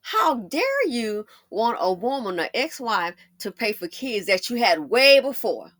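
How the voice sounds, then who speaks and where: Sassy, lively woman giving commentary. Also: on the high side, measured pace, no room sound, clean studio sound. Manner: sassy, emphatic, mocking asides. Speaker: commentary channel host. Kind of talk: opinionated celebrity commentary.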